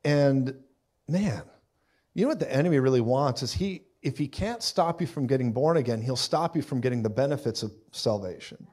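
A man's voice: mid-range voice, animated, moderate pace, darkish tone, slightly rough. A man preaching a live sermon in a conversational style, with frequent asides and quoted voices.

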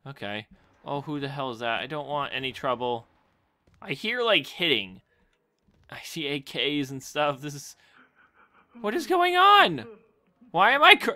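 An excitable gamer narrates their own play, talking to themselves, swearing and yelping when things go wrong. Pitch leaps all over the place, and the tone is bright and sharp. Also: unhurried, long pauses. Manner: excitable, yelps and shrieks at sudden events; talks to self, swearing and laughing. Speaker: gameplay commentator. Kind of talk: let's play commentary.

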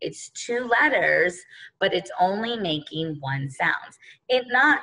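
A woman's voice: medium pitch, expressive, takes it slowly, sharp tone, rough recording. A woman teaching an early-grade phonics lesson, patiently sounding out words letter by letter and speaking to the children as boys and girls.

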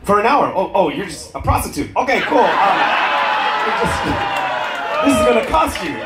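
High-pitched male comic working the crowd, profane and giggly; live echoey room with a roaring audience. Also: big pitch swings, moderate pace, very noisy. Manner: profane, teasing, laughing at his own jokes. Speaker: stand-up comedian. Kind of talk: crowd-work stand-up. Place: cruise ship comedy club.

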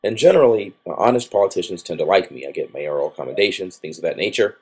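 Gravelly fast-talking man, combative. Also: low voice, animated, darkish tone. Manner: blunt, combative, rapid-fire. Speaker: citizen journalist filming officials. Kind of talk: confrontational documentary narration.

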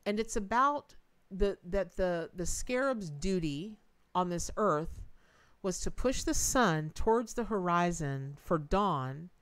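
Leading a livestreamed tarot reading, this middle-aged woman is folksy and emotive, thanking viewers and donors while tossing out "y'all" and "Lordy." She speaks slowly and animatedly in a lowish, clear, resonant voice, and the recording is dry.

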